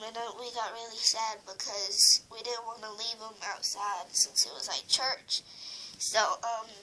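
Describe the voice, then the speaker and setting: A woman's voice: medium pitch, noisy background. A teenage girl tells a sad story to the camera, tearful and rambling with lots of fillers. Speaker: vlogger.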